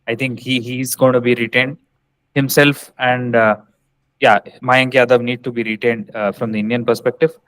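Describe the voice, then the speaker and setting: A man's voice: medium pitch, level tone, normal speed, a bit bright, no room sound, rough recording. A man co-hosting a cricket podcast, giving opinionated, blunt verdicts in casual chat.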